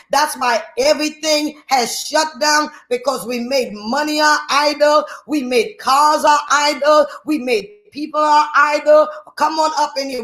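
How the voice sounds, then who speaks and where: A man's voice: very high-pitched, a bit bright. A man preaching a sermon, working the crowd with call-and-response and repeated phrases. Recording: echoey room.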